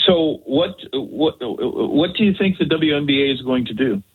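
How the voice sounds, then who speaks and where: A man's voice: on the high side, lively intonation, normal speed, breathy edge. A man co-hosting a radio show by phone, chatting in a laid-back, rambling way. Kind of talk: casual talk radio banter. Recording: tinny phone line.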